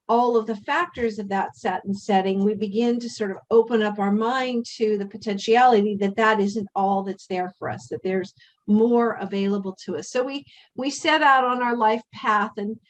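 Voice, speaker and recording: A woman hosting a spiritual workshop, speaking in a measured, earnest way and drawing the group in with questions. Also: mid-range voice, fairly even intonation, rough recording. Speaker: workshop host. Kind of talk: reflective spiritual talk.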